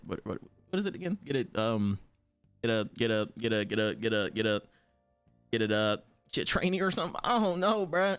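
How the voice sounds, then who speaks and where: Young guy streaming, black slang, swears a lot, voice shoots way up on the quotes, some music faint behind him. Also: smooth. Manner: animated, swears freely, slangy, acts out quotes with big pitch jumps. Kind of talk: casual storytelling to stream chat.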